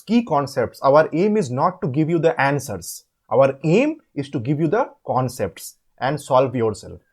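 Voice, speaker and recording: A tutor walks through an assignment, with a husky, slightly breathy tone. The pitch rises and falls a lot as points are stressed and restated. Words are spoken aloud to demonstrate how they sound. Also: sing-song, unhurried, few pauses, a little mellow. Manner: demonstrates pronunciations by repeating words. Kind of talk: explaining a graded assignment.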